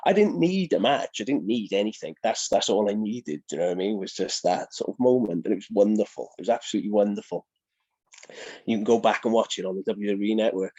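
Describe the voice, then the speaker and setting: A man's voice: on the low side, fast. Chatty Welsh man telling stories. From Newport, South Wales. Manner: animated, chatty, laughs often, keeps asking "do you know what I mean". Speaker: professional wrestler guest. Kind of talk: casual storytelling interview.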